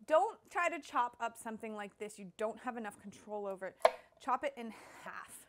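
A woman's voice: a little high, expressive, moderate pace, very noisy. A young woman hosting a casual cooking demonstration, bubbly and playful as she chops and explains. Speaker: cooking show host.

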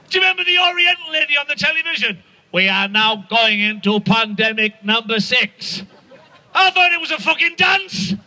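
A man doing stand-up to an outdoor protest crowd, ranting loudly and swearing, shouting his punchlines. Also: very high-pitched, low-quality recording. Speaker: stand-up comedian.

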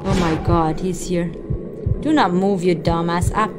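Female let's-play streamer; slow, jumpy, exclaiming; game music mixed in. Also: on the low side. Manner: jumpy, excitable, gasping and exclaiming. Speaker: gaming streamer.

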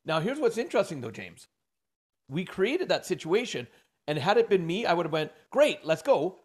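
A man, a podcast guest, telling a story in a lively way and acting out the voices of the people in it. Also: high-pitched, brisk. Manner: animated storyteller, acts out dialogue.

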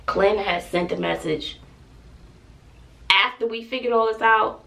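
Exasperated Texan mom with a gravelly voice. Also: female voice, medium pitch, unhurried, bright, forceful tone, far from the mic. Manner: exasperated, emphatic storytelling. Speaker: family vlogger. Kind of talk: venting to camera.

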